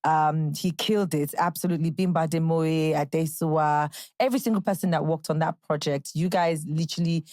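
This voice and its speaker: A woman's voice: low-pitched, fairly even intonation, brisk, few pauses, a little mellow, dry recording. A young Nigerian woman hosting a podcast, chatting casually and bubbly, dropping into playful quotes and impressions. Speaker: podcast host. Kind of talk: casual solo podcast chat.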